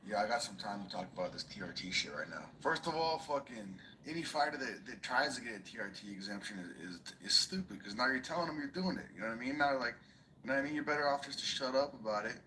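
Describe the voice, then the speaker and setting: A man's voice: mid-range voice, animated, quick pace, bright, forceful tone, a little hiss or hum, poor audio. A man ranting in a vlog, agitated and swearing nonstop, repeating himself. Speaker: vlogger ranting to camera. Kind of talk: angry profane vlog rant.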